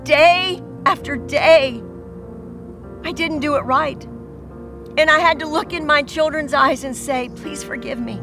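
A woman's voice: high-pitched, slow pace, long pauses, over music. A woman pastor preaching a sermon to mothers, earnest and repetitive as she tells stories.

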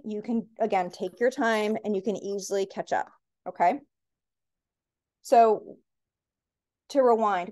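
A woman's voice: mid-range voice, a little mellow. A woman leading a paint-and-sip class, giving upbeat, encouraging step-by-step instructions as she paints.

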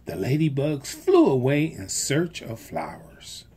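A volunteer reader takes a children's picture book slowly and expressively, in a breathy, husky voice. To keep the story lively, the pitch ranges widely.

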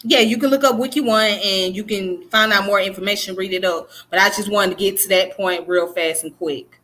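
A woman from the Southern US with a Southern accent leads a relaxed live-stream lesson. She talks quickly in a conversational way, with a bright, forward tone, and often checks in with "you know what I'm saying.". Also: medium pitch. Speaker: livestream host teaching history.

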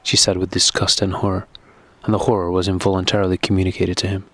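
A man narrating a classic novel audiobook in a steady, measured reading. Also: low voice, no echo.

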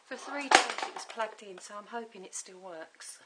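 A middle-aged woman with a mid-range voice talks at a normal speed, chatting and rambling through a crafting tutorial at home while muttering to herself as she works. It's a home camera recording with a faint hiss.

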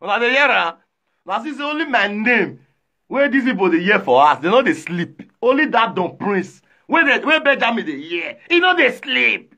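A man with a Nigerian Pidgin accent hosting a livestream, taunting rivals loudly and greeting viewers by name. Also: extremely high pitch, sing-song, normal speed, creaky. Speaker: livestream host. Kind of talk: livestream rant.

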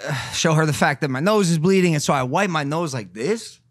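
A man's voice: fairly high pitch, expressive, fairly quick, dry recording, studio quality. A young man co-hosting a podcast who tells a rambling, crude, self-mocking story with many fillers. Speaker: podcast co-host. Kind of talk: casual storytelling chat.

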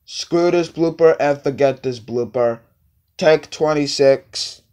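Slow, smooth-voiced man directing takes. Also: fairly high pitch, darkish tone. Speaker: video maker voicing his own blooper skit. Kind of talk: homemade cartoon blooper skit.

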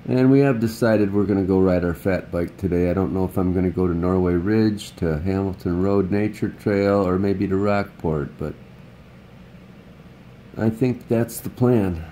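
A man's voice: deep voice, normal speed, warm tone, a little hiss or hum, poor audio. A man hosting a casual vlog, chatting in a rambling, upbeat way with a bit of pep talk. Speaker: vlog host.

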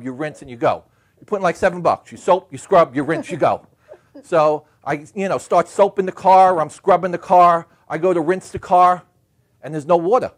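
A man doing stand-up comedy, telling stories about home life and acting out the other people in them. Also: on the high side. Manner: animated, acts out quoted voices and shouts.

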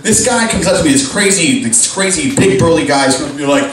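A man's voice: on the high side, lively intonation, brisk, slight background noise. A young man doing a stand-up comedy set at a live pub show, rambling with lots of fillers and crude jokes. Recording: very echoey pub room, distant mic. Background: audience laughing.

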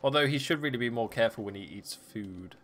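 A man's voice: mid-range voice, animated, fast talker, fairly bright tone, a little hiss or hum. A young man streaming a game, chatting casually and joking with frequent laughs. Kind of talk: casual gameplay commentary.

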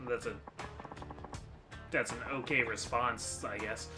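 A man's voice: mid-range voice, fairly even intonation, slow pace, over music. A man hosting a let's play, joking through casual gameplay commentary. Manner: joking, self-mocking asides.

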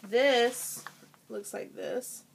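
A woman's voice: on the high side, very slow, slight background noise. A woman vlogger chatting casually through a product haul at home, talking while she eats.

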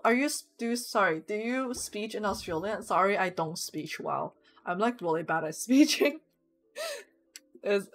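A young woman live-streams a game, chatting casually with viewers, reading chat aloud, and giggling often, with music playing behind her. Her voice is a little high and a bit bright.

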